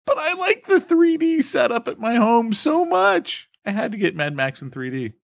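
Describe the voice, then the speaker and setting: A man's voice: extremely high pitch, sing-song, moderate pace, creaky, no room sound, clean studio sound. A man co-hosting a podcast in casual banter, laughing and teasing. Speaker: podcast co-host.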